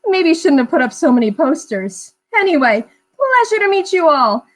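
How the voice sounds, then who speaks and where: A woman's voice: high voice, sing-song, moderate pace, voice pushed up, rough recording. A woman voicing a small, cheerful male cartoon ringmaster who talks in theatrical showman patter. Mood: enthusiastic.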